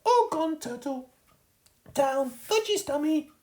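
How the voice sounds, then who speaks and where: A man's voice: extremely high pitch, lively intonation, slow pace, darkish tone, pitched above the performer's own voice, exaggerated voice. A man voicing a gleeful toddler boy who babbles in baby talk, in a roomy-sounding recording. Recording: roomy echo.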